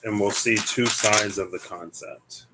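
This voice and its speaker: A young Midwestern man reads tarot casually in a very noisy recording. His voice is on the low side with fairly even intonation and a measured pace, and he thinks aloud in a meandering, hesitant way, often hunting for words.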